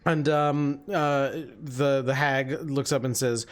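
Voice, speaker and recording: A woman narrating as dungeon master, with an animated manner. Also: rumbling low, measured pace. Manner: animated, laughs easily. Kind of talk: narrating a tabletop game.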